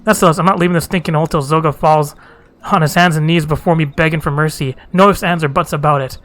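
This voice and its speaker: A man's voice: fairly high pitch, steady tone, quick pace, a bit bright, close to an everyday voice. A man voicing a brash, blunt, scornful Roegadyn warrior woman in a fantasy game.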